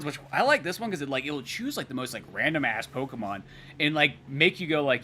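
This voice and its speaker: This young podcast co-host has a high-leaning, expressive voice that's bright and forceful, moving fairly quickly over slight background noise. He chats loosely with many fillers and swear words, acting out quotes from a comic.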